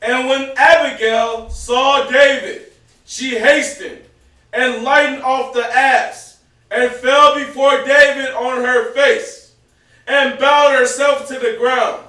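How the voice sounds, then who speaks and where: A man in a Bible class reading scripture and definitions aloud in a slow, deliberate way. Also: very high voice, fairly even intonation, bright, forceful tone. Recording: echoey room, heard from a distance.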